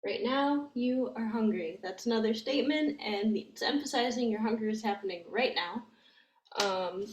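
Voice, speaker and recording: A woman's voice: on the high side, normal speed. A woman teaching language grammar, explaining step by step in a patient way and thinking aloud with many fillers. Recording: echoey room with faint noise.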